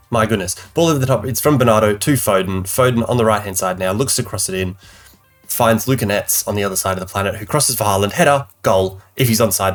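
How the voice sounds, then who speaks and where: A man giving live commentary on his own football management game, calling plays and venting frustration as he goes. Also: fairly low pitch. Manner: animated, exasperated play-by-play commentary. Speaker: gaming YouTuber.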